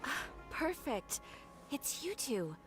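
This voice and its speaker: Brief: a polite, formal game receptionist, high and lilting, over game music. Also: female voice, sing-song, slow, full character voice. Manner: formal, courteous. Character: polite adventurers' guild receptionist woman, calm and formal. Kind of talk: game voice acting.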